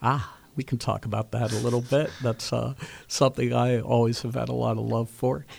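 Gravelly, halting radio host. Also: male voice, medium pitch, flat delivery, darkish tone. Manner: rambling, halting, full of restarts and fillers. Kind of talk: radio interview.

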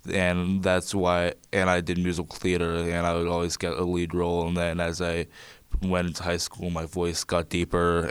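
A teenage boy, a student musician, talking about his songs in a radio interview, soft-spoken and reflective, with some hesitant fillers. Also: low voice, smooth, no room sound. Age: teens.

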